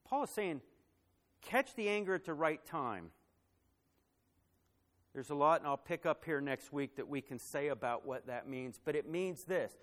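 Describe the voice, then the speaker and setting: Animated and fairly high-pitched, a pastor preaches his sermon at a measured pace, pausing often. He climbs to loud, emphatic phrases, drops to a soft voice for a personal story, and uses some fillers and repeated words.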